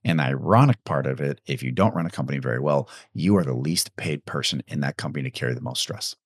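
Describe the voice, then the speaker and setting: A man hosting an interview, telling stories in an animated, conversational way. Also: extremely low pitch, fast talker, husky, no room sound, clean studio sound. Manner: animated storyteller. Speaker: podcast host, interviewer.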